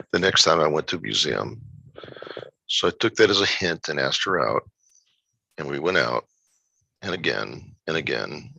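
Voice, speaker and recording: A middle-aged man telling a personal story of grief and recovery in a reflective, halting way. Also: a bass voice, vocal fry, pushed and bright, slightly rough, no echo, poor audio. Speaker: guest sharing a personal story.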